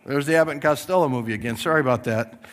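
A middle-aged pastor delivers a sermon at rapid-fire speed in a medium-pitched voice. He tells the story with animation, swinging from loud to hushed and acting out different voices.

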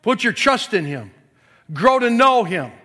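A pastor preaching a sermon, swinging from quiet, low passages to forceful yelling. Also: male voice, big pitch swings, a little slow.

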